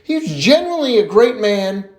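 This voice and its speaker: A man telling dirty jokes in a casual style, animated and chuckling as he goes. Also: sits high, moderate pace. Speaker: joke teller.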